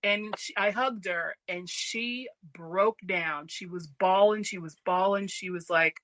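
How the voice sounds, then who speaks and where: A woman co-hosting a relaxed podcast conversation, telling stories with lots of energy. Her voice is bright and forceful, and she slips into the voices of the people she's quoting. The sound is dry and close, with no room around it. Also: medium pitch, a little slow, hardly any pauses, no echo. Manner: animated, acts out quoted voices, laughs easily. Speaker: podcast co-host. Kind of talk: casual chat, storytelling.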